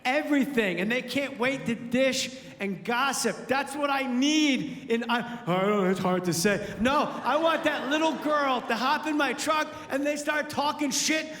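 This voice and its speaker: A man doing a stand-up comedy set, telling animated stories and acting out both sides, swinging from muttering to shouting. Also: very high-pitched, measured pace, hardly any pauses. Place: comedy club stage. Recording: live club recording, roomy hall reverb with audience laughter and noise.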